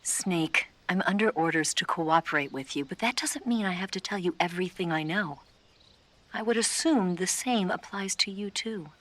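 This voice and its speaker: An actress playing a cool, composed female spy who briefs a soldier over the radio in calm, measured video game dialogue. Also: lowish voice, close to an everyday voice.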